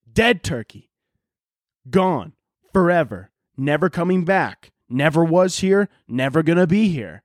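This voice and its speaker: High-voiced guy ranting on his podcast, swears a ton, rambly, dry close sound. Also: unhurried, dry recording. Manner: profane, rambling, animated ranting. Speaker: podcast host. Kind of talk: casual comedic podcast monologue.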